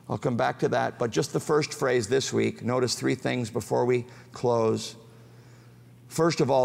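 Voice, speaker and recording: A man's voice: medium pitch, a little slow, creaky. A man preaching a sermon, emphatic and direct with the congregation, building to fervent proclamation. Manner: playful asides to the congregation. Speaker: pastor. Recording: preaching in a large reverberant hall.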